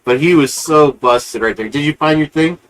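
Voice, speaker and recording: A man's voice: a little high, normal speed, a bit bright, rough recording. Chatty profane man telling long stories. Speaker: live-stream show host. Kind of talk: rambling casual storytelling.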